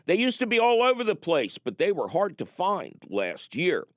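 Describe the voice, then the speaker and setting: A man's voice: high-pitched, moderate pace, no room sound. A middle-aged man hosting a call-in garden radio show, chatting and telling jokey stories. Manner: lively, jokey storyteller.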